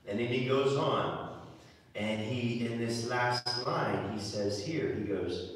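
Speaking slowly in a medium-pitched voice, a preacher delivers a conversational homily in church, often restarting and repeating words. The recording is distant and echoey.

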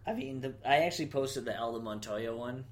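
A man's voice: mid-range voice, a little fast. A man co-hosting a casual wrestling podcast, laid-back and often chiming in with agreement. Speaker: podcast co-host.

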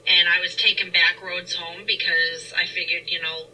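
A woman's voice: on the low side, flat delivery, normal speed, sharp tone, far from the mic, rough recording. A young woman co-hosting, frankly telling her own story in casual chat, recorded inside a car. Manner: frank, self-deprecating. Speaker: podcast co-host. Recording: voice a bit off-mic with faint hiss.

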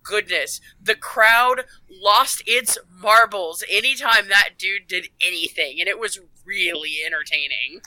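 A man on a casual podcast, telling an excited story with lots of enthusiasm. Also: sits high, measured pace, hardly any pauses, no echo, low-quality recording. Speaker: podcast panelist. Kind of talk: casual chat.

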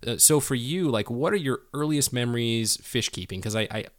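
A man's voice: medium pitch, a little fast, no echo, clean studio sound. A man hosting a podcast interview, chatty and jokey, with lots of fillers and restarts. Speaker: podcast host. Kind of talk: casual interview chat.

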